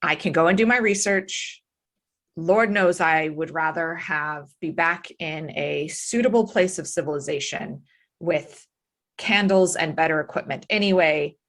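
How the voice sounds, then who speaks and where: A pompous, learned scholar who is sure of his own importance, as a woman game master puts him on. He talks formally and looks down on everyone, in a somewhat low voice. This is from a tabletop game. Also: unhurried, fairly bright tone. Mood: insistent. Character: haughty learned male scholar, impatient.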